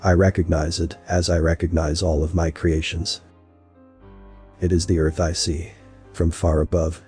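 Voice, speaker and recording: A man narrating a first-person story in a measured, steady way. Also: deep voice.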